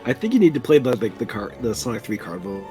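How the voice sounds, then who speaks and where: A man tosses in dry quips during a live reading, speaking at an ordinary pitch. He sounds casual and a little distant from the mic, with faint music behind. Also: big pitch swings, fast talker, darkish tone. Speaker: co-host joking along. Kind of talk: casual banter.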